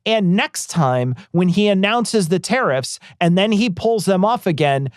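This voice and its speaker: A man's voice: high-pitched, animated, clear, resonant tone, dry recording, studio quality. A man co-hosting a podcast, talking casually and profanely about politics with a rambling, mocking manner. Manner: profane, rambling, quick to mock. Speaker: podcast co-host.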